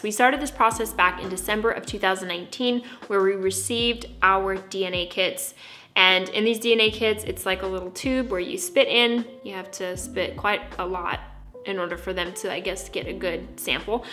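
Young american woman chatting to her camera, bright and bubbly, a little music playing underneath. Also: medium pitch. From United States. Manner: bubbly, animated, playfully dramatic. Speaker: vlogger. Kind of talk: casual vlog talk to camera.

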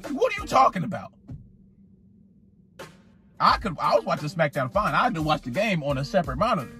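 A man vlogging as a sports fan in a casual rant, animated, repeating and stumbling over his words. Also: a little high, a little fast, soft background music. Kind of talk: casual ranting vlog.

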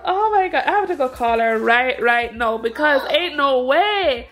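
A woman's voice: high-pitched, expressive, unhurried, a bit bright. A young woman, a mother, gushing and emotional as she unboxes gifts in a casual vlog, laughing often. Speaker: family vlogger, mother.

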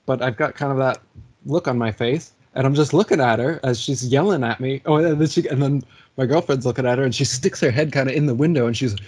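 Husky man in his forties telling stories. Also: mid-range voice, quick pace. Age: 40s. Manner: animated anecdote-telling, laughs often. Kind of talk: casual conversation, storytelling.

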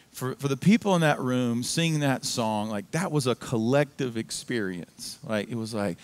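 A man preaching a sermon as pastor in a church, in a casual, conversational storytelling manner. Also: medium pitch. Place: church sanctuary.

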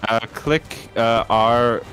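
A man's voice: mid-range voice, steady tone, slow pace. A mid-twenties man from South Africa, playing a game with a friend and teasing him while giving tips. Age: 20s. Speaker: guest co-player. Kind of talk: casual live gaming banter. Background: game music.

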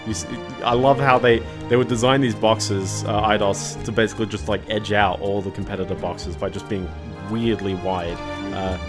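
A man with a fairly low voice gives casual, meandering commentary while he plays a game on stream. He thinks out loud and drifts between remarks, and quiet game music runs underneath him. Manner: rambling, thinking aloud while playing. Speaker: streamer playing a video game.

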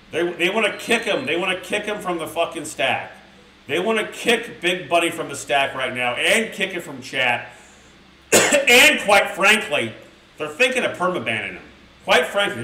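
Crude, rambling streamer reading a storybook. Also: male voice, fairly high pitch, pushed and bright, slight background noise. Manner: rambling, crude, mock-outraged asides. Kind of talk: reading a children's book with profane commentary to a live chat. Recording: roomy sound from a distant mic.

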